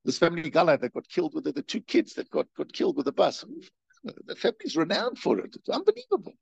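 A man giving a spoken religious lecture, animated, firing rhetorical questions and repeating himself. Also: a little high, quick pace, creaky, slightly rough, no echo. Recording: dull, dry lo-fi recording.

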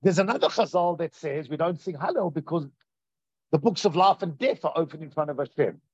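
A man teaching a Torah class in a lively way, acting out quoted voices and asking his listeners questions, on a dull lo-fi recording. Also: fairly high pitch, a little fast, slightly rough, no echo.

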